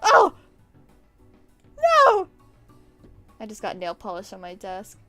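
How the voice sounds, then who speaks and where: A woman's voice: lowish voice, little pitch movement, a little fast, soft background music. Sick young woman rambling and swearing. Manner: rambling and swearing, with sudden loud outbursts. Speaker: streamer. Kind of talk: casual chat while painting nails. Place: at home at her desk.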